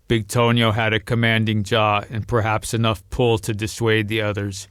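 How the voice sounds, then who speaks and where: Smooth-voiced male audiobook narrator. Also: moderate pace, hardly any pauses, no room sound, studio quality. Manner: steady storytelling, lifts pitch and volume for quoted voices. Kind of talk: audiobook reading.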